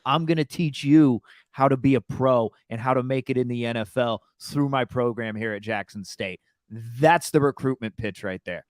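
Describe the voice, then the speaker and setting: A man's voice: medium pitch, normal speed, no echo, studio quality. A man co-hosting a podcast, rambling through casual sports chat with many restarts. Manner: rambling, lots of fillers and restarts. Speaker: podcast co-host.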